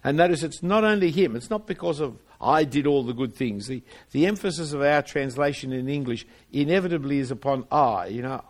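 A man's voice: mid-range voice, animated, a little fast, hardly any pauses. A man preaching a sermon, reading scripture aloud and explaining it earnestly, often repeating words as he restarts phrases.

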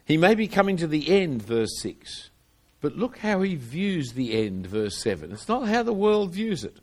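A man's voice: a little high, very animated, normal speed. A man preaching a sermon, reading scripture aloud and explaining it earnestly, often repeating words as he restarts phrases.

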